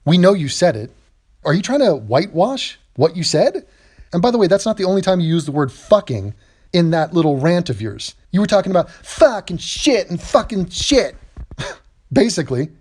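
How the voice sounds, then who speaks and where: A man's voice: high voice, big pitch swings, normal speed, a little mellow, husky. A man giving a sarcastic, profane reaction commentary, recorded on a phone while in bed at home. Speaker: online commentator.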